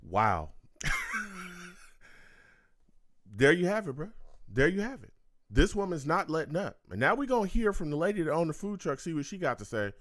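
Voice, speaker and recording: Lively man giving blunt reaction commentary. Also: fairly high pitch, moderate pace, pauses often, dry recording, studio quality. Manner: blunt, preachy, repeats himself. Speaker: reaction video host. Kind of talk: casual commentary.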